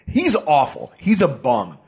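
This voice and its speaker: A man with a high, husky voice tears into the topic on a casual sports podcast. His delivery is animated and full of laughter, swooping up and down in pitch as he rants. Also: measured pace. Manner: animated, ranting, laughs often.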